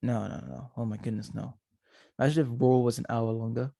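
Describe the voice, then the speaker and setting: A young man chats and jokes his way through a casual podcast, quick with silly ideas. His voice sits in the middle range. The sound is dry and close, with no room echo. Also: mid-range voice, fairly even intonation, gravelly, mellow. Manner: joking, playful, chatty. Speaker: podcast co-host. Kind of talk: casual chat.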